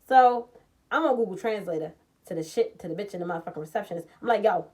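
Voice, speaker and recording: In her casual storytime video, a young woman gets heated and profane while recounting a personal story and dramatizing the conversation. Her voice is medium in pitch and her pace is quick.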